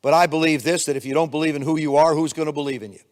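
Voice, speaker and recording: Older man with a high voice giving a keynote in a reverberant hall. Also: very fast. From United States. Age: 70s. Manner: storytelling, animated, acts out dialogue. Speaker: keynote speaker. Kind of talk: motivational keynote speech.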